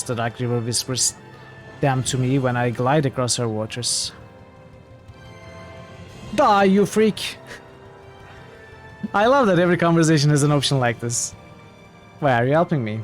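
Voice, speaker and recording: Man reading game dialogue on stream. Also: mid-range voice. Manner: reads dialogue out, jokey asides. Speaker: streamer playing a role-playing game. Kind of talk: casual let's-play commentary, reading game dialogue aloud.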